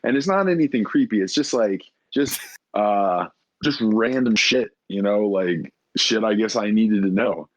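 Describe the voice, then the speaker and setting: A man's voice: lowish voice, expressive, measured pace, poor audio. A man co-hosting a podcast, chatting loosely and swearing freely. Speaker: podcast co-host. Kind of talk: casual chat. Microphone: online call recording.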